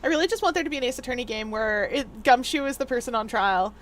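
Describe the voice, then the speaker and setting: A woman's voice: fairly high pitch, fast talker, slight background noise. A young adult woman chatting casually to her viewers on a gaming livestream, in a rambly way with lots of fillers. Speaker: streamer.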